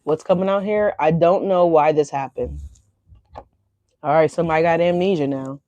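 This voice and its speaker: A woman's voice: sits low, normal speed, warm tone, dry recording. A woman reading tarot in a loose, chatty way, swearing and laughing between thoughts. She circles back with lots of fillers and addresses her viewers directly. Her voice sits in a middle range and sounds dry and close to the mic. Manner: rambling, profane, laughing asides; repeats fillers, talks straight to viewers. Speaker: tarot reader.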